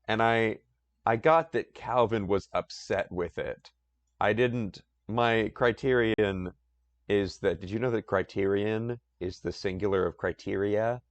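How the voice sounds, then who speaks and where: A man's voice: fairly low pitch, no echo. A man chatting casually on a live stream, playful and chatty, with nerdy asides.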